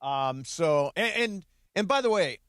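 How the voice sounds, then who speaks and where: Older man, radio co-host, slightly high voice, dry studio, wry and chatty. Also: animated, unhurried, fairly bright tone, clean tone, no echo. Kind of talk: casual sports radio chat.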